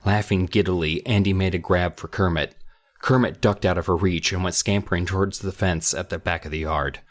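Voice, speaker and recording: A man's voice: deep voice, fairly quick. A man co-hosting a podcast, chatting jokingly and reading a book aloud. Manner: animated, jokey. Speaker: podcast co-host.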